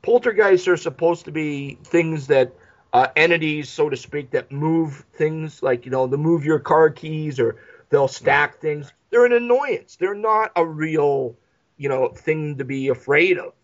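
Animated man acting out movie scenes. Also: a little high, measured pace, highs cut off. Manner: animated, acts out characters in quoted voices, swears freely. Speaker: podcast co-host. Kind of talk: casual movie discussion.

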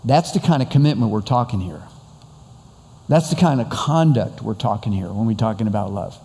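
A man's voice: on the low side, lively intonation, a little fast, warm tone, long reverb tail. A man preaching a sermon as pastor, earnest and conversational, often repeating and stressing words.

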